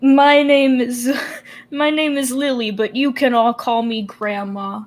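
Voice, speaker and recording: A woman voicing a huge, doting grandmother super mutant who speaks in a slow, cooing, affectionate way. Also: a little high, steady tone.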